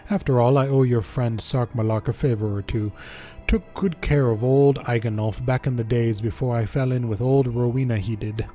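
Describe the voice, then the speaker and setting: A man's voice: medium pitch, warm tone, close to an everyday voice. A man voicing a jovial, chatty middle-aged male blacksmith with a mild put-on dialect, reading game dialogue aloud in a folksy, rambling, boastful manner.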